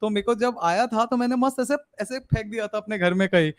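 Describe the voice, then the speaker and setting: A man's voice: high-pitched, very fast. A young Indian man with an Indian English accent hosting a live sports podcast, rambling with many fillers and slipping into Hindi. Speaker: podcast host. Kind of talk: live-streamed casual sports chat.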